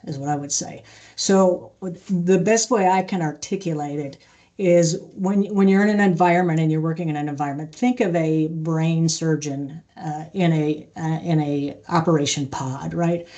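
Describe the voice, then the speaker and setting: A woman with a low, mellow voice talks through her experiences in a relaxed interview. She is middle-aged, calm and measured, and she often restarts her sentences. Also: highs cut off. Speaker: podcast guest, aviation maintenance leader. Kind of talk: conversational interview.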